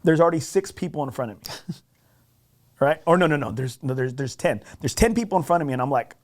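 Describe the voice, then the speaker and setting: On a podcast, a man tells a golf story casually and with animation, poking fun at himself and often checking in with "right?". His pitch is fairly high and he talks quickly.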